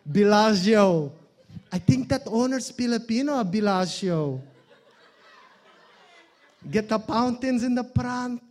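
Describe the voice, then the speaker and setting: A man's voice: high-pitched, a little mellow. A man preaching a sermon as a guest pastor, in a loose, joking style full of fillers and restarts.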